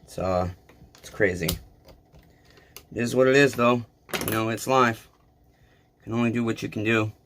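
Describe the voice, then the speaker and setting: A man's voice: lowish voice, moderate pace, long pauses, fairly bright tone, a little hiss or hum. A man talking casually to his viewers while he repairs a chainsaw, blunt and self-deprecating, with rambling asides. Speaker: small engine repair vlogger.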